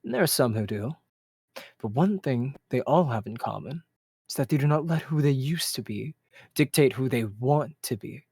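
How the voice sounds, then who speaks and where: A man voicing a calm, kindly male mentor with glasses, who speaks in a measured, encouraging way and chuckles often. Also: mid-range voice, breathy edge, no echo.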